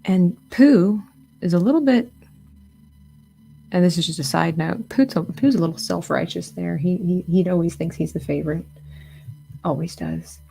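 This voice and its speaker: A woman chats on a painting stream, retelling a story in a lively, casual way. Her voice is slightly low and mellow. Faint music plays behind her. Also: moderate pace, creaky, long pauses, breathy edge. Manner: chatty, animated storyteller.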